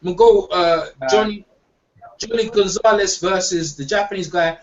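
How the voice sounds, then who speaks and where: A man with a high voice hosts a casual online hangout in loose slang, repeating himself as he goes. He sits back from a dull, lo-fi mic. A faint hiss runs under his talk. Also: normal speed, recorded from a distance. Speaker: host.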